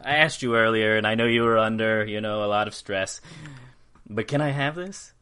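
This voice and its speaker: A man voicing a gruff adventurer who brags about his fists, speaking in a slow, teasing, menacing way. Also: on the low side, pushed and bright. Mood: coaxing.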